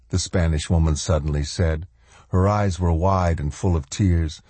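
A man narrating a novel as an audiobook reader in an even, measured way. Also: low voice, slightly rough, no echo. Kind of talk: scripted narration.

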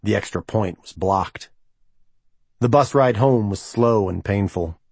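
A man narrating a novel as an audiobook reader, in a measured, even storytelling manner. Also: lowish voice, husky, dry recording. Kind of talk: scripted narration.

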